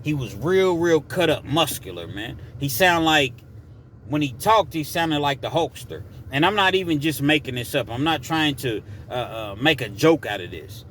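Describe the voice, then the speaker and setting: A man spinning a prison yarn in a loose, conversational way, drifting into asides. His voice sits a little high, with a faint hiss of noise in the background. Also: animated, normal speed, a bit bright. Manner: conversational, digressive. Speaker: storyteller. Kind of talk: casual prison storytelling.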